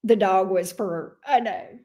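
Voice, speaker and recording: A woman's voice: mid-range voice, measured pace, dark tone. A woman tarot reader, chatting casually and playfully on her livestream with frequent fond asides. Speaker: tarot reader and channel host.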